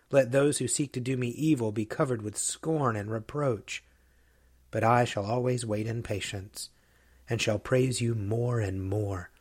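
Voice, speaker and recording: A man, a priest, reading a psalm aloud in a slow, deliberate liturgical style. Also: medium pitch, no echo, clean studio sound.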